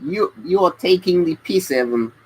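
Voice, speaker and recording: A man's voice: high-pitched, animated, normal speed, a little mellow, slight background noise, poor audio. Rambling man on a live stream. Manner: rambling, answers chat by name. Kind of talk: casual live stream chat with viewers. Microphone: webcam stream mic.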